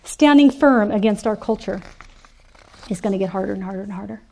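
A woman giving an animated, emphatic sermon to a women's gathering, acting out the quoted voices. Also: medium pitch, a little fast, vocal fry. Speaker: speaker at a women's ministry event.

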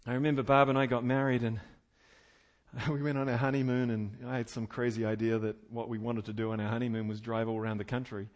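A middle-aged male pastor preaching a sermon, moving between loud, emphatic preaching and quiet, folksy storytelling with chuckled asides. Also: medium pitch, little pitch movement, quick pace.

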